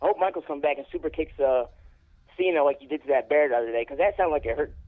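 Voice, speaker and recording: A man's voice: on the high side, quick pace. A man calling in to a wrestling show, blunt and eager in casual chat. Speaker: caller. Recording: tinny phone line.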